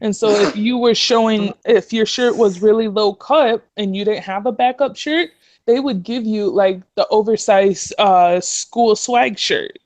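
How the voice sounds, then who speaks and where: A woman's voice: medium pitch, a little slow, a little mellow, no room sound. A young woman in college, chatting casually and telling stories on an online panel. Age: young adult. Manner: chatty, storytelling. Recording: dry lo-fi call audio.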